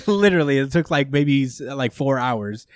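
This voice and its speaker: A man's voice: mid-range voice, expressive, unhurried, dry recording, clean studio sound. A man hosting a podcast, casually recapping a comic book with swearing and laughs. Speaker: podcast host.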